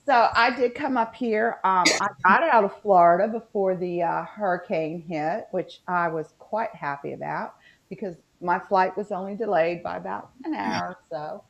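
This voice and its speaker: A woman's voice: lowish voice, normal speed, vocal fry, dull audio. A woman with a West Virginian accent, co-hosting a casual chat over a video call, rambling with frequent ums. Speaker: co-host.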